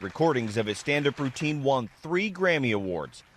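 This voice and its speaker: A male network correspondent narrating a scripted news feature in a smooth, measured way. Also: medium pitch, very animated, slight background noise.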